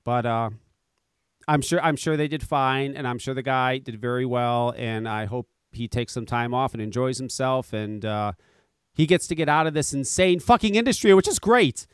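A man's voice: medium pitch, normal speed, clean tone, no echo, studio quality. A man hosting a talk radio podcast, ranting sarcastically with heavy swearing. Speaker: podcast host.

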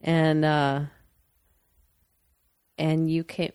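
Low gravelly-voiced woman, young, chatty and candid, laughs a lot, no room echo. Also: little pitch movement, takes it slowly, long pauses, a little mellow. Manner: candid, rambling, laughs often. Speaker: partner sharing a personal story. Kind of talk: casual conversation.

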